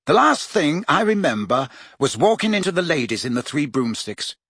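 A man's voice: on the high side, big pitch swings, normal speed, slightly rough, no echo, studio quality, exaggerated voice. A man voicing a cheerful teenage schoolgirl who speaks happily. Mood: happy. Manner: bright, happy.

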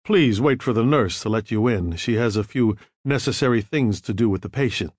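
A man's voice: fairly low pitch, normal speed, breathy edge, no room sound, clean studio sound. A man voicing a serious young doctor who speaks in an exquisitely polite, cool manner. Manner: coolly polite.

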